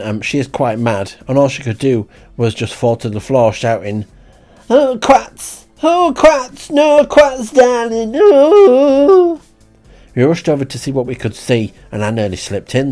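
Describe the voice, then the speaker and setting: A man telling a comic diary story in a deadpan, rambling way. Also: on the low side. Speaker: comic diarist.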